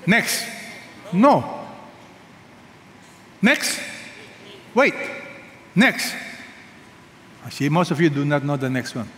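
A man's voice: fairly high pitch, very animated, takes it slowly, pauses often, a bit bright. Guy preaching, emphatic, gets the crowd to repeat after him, bit of hiss in a big echoey hall. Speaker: pastor. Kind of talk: sermon. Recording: reverberant hall with faint noise.

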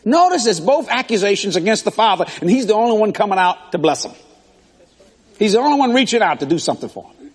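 A man preaching a sermon as pastor, telling stories in an animated way with laughs. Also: sits high, fast, breathy edge. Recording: echoey hall.

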